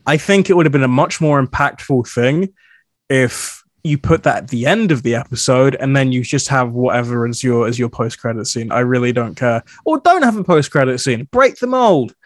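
A man's voice: medium pitch, dry recording, studio quality. A man co-hosting a podcast, casually recapping an episode in a frank, opinionated way.

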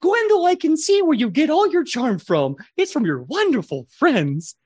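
Shrill, doting dog-folk mom, high and gushing, as the game master puts her on. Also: very animated, moderate pace, darkish tone, dry recording, clean studio sound. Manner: breathless, over-the-top gushing.

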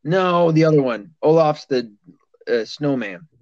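Crude, loud-laughing podcast man. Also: a little high, lively intonation, measured pace, no room sound, muffled recording. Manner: crude, swearing, laughing often. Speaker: podcast host. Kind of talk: casual chat.

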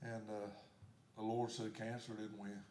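A man pastor preaching a sermon, swinging from shouted declarations down to hushed storytelling. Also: lowish voice, little pitch movement, a little slow, a little hiss or hum. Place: church sanctuary. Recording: echoey church sanctuary.

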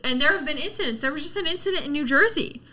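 A woman's voice: sits high, lively intonation, fast, pushed and bright. A woman co-hosting a podcast in casual political chat, heated and laughing often. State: sunburnt. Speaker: podcast co-host.

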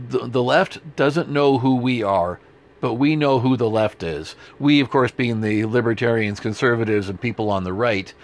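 A man from Canada co-hosting a political talk show, speaking emphatically with sarcastic asides. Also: mid-range voice. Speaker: podcast co-host.

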